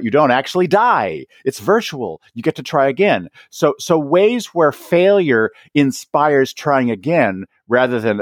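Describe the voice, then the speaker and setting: On a podcast interview, a male author and educator appears as a guest, his pitch swinging widely as he acts out quick little scenes between teachers and students. He's animated throughout, and the audio is close and dry with no room sound.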